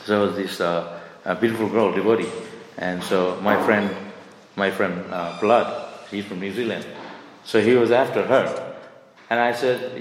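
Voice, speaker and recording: A middle-aged man with a fairly low voice gives a rambling, conversational sermon, full of fillers and restarts. He is heard in an echoey temple hall with a long reverb tail. A faint hiss sits under the recording. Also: steady tone, normal speed, long pauses. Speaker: speaker giving a scripture class. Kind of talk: informal sermon, storytelling.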